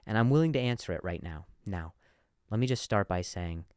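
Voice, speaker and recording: Stuttering male comic host, animated, lively pitch, dry studio sound. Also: fairly quick, clean tone, dry recording. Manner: stutters, frequent repeated words and restarts. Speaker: podcast host and comedian. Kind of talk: comedic storytelling monologue.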